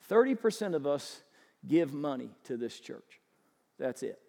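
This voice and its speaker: A man preaching a sermon as pastor, animated and acting out excited sports fans. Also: on the high side, normal speed, creaky. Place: church sanctuary. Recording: long church reverb.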